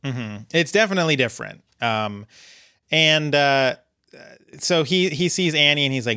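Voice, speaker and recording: A man co-hosting a podcast, recapping an episode in a relaxed way with dry humor and lots of ums. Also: medium pitch, normal speed, clean tone, no echo. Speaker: podcast co-host.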